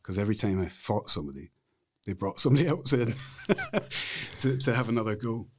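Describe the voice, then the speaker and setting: A man's voice: lowish voice, very animated, fairly quick, slight background noise. A middle-aged man with a Scottish accent, a podcast guest telling frank, rambling stories in a casual interview. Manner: frank, rambling anecdotal storyteller.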